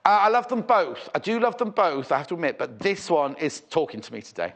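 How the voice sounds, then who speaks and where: Hosting a chatty live sales broadcast, a man from Merseyside, England, speaks a little high with lively intonation, fairly quickly and a bit brightly. He raves over products, repeats himself, and teases his guest.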